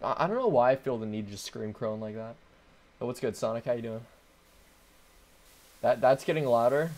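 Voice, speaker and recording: A young man doing let's play commentary, hyper and rambling, joking around and breaking into sudden loud outbursts. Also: mid-range voice, lively intonation, brisk. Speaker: gaming commentator. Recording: faint game music behind.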